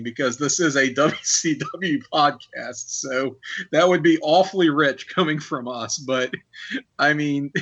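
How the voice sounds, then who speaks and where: Bright-voiced man making wry asides. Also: medium pitch, highs cut off. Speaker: podcast co-host. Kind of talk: casual chat.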